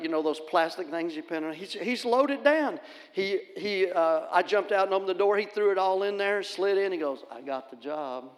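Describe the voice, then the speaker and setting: A middle-aged male pastor, preaching a sermon in a folksy, animated storytelling manner and acting out the voices in his stories. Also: on the high side. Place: church sanctuary. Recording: long hall reverb.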